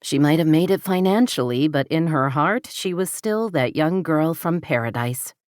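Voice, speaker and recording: Low-voiced woman narrating a romance novel. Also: animated, moderate pace, a little mellow, no room sound, clean studio sound. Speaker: audiobook narrator.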